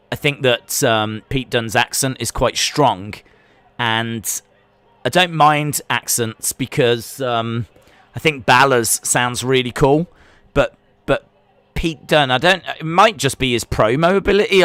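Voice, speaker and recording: Man, live stream host, excitable play-by-play, rambling answers to chat, forceful clear voice, dry close sound. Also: medium pitch, measured pace, no room sound. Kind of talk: live wrestling watch-along commentary.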